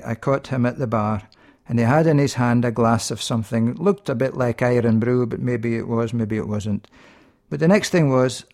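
A Scottish minister hosts a radio show in a jovial, punning manner. His voice sits at an ordinary middle pitch, and he delivers his jokes with lively timing. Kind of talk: humorous radio talk with jokes.

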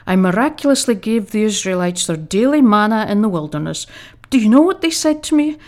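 A woman's voice: mid-range voice, expressive, brisk, a little mellow, close to an everyday voice. A woman voicing God in a radio comedy sketch, fatherly and down-to-earth, with a dry, teasing, patient manner.

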